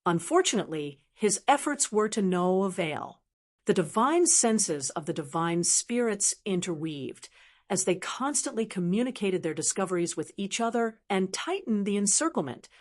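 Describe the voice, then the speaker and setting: Female narrator, mid-pitched, steady fantasy audiobook narration. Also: moderate pace.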